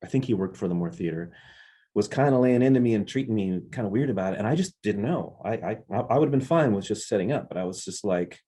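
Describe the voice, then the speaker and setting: A man's voice: fairly low pitch, expressive, fast, dark tone, husky. A man, a drummer being interviewed, earnestly telling reflective stories about his music career. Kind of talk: casual interview storytelling.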